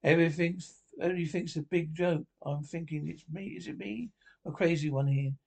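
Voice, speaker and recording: An actor playing a coarse, cheeky Scottish pensioner in a TV sitcom, with gruff, sweary banter. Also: male voice, fairly high pitch, normal speed, a little mellow, low-quality recording. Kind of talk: TV sitcom acting.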